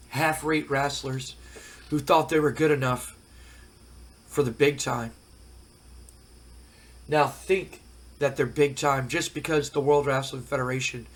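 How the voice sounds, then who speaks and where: A man's voice: medium pitch, natural voice. A man doing a brooding, bitter wrestler. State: voice cracking from a cold.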